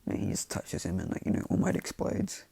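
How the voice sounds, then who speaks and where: A man's voice: fairly low pitch, sing-song, quick pace, vocal fry, dark tone, breathy edge, dry recording. A man casually retelling a fan-made story in a loose, rambling way full of fillers.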